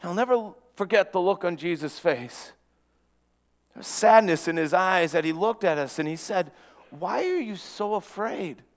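High-voiced man telling a story in a church. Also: normal speed, in a large hall. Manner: earnest, with frequent restarts and dramatic hushes. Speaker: preacher in a first-person monologue. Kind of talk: dramatic first-person storytelling.

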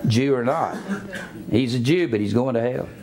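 A man preaching a sermon, spelling out words letter by letter and swinging between low asides and raised emphatic preaching. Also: moderate pace, darkish tone.

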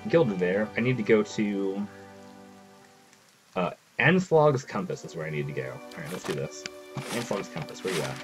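A man's voice: low-pitched, expressive, moderate pace, music in the background. A man chatting casually while streaming a game, reading its text aloud as he plays. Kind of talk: casual live game commentary.

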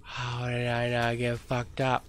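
A man's voice: mid-range voice, monotone, slow, a bit bright, a little hiss or hum. A young man streaming a video game live, joking, exclaiming and talking to his chat. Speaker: gaming streamer.

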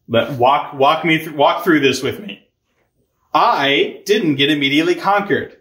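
A man giving a casual catechism lecture, conversational and animated, with playful asides and acted-out quotes. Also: fairly high pitch, moderate pace. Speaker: catechism teacher. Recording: echoey room.

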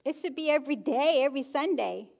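A woman pastor preaching a sermon, animated and emphatic, often pushing her questions to the congregation. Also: high-pitched, fast, gravelly. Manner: animated, rising to emphatic exhortation. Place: church sanctuary.

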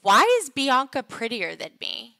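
A woman's voice: on the high side, animated, unhurried, sharp tone, dry recording. A young adult woman hosting a casual game livestream, chatting playfully and joking with her viewers. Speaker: livestream host.

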